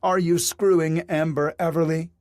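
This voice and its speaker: A man's voice: medium pitch, big pitch swings, unhurried, voice pushed up. A man voicing a furious, betrayed wealthy wife who demands the truth in a raised, accusing voice.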